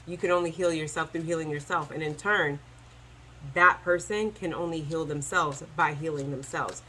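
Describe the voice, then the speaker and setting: Bright-voiced woman giving a casual tarot reading. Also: sits low, moderate pace, a little hiss or hum, low-quality recording. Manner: chatty, animated, addresses viewers as y'all. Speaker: tarot reader.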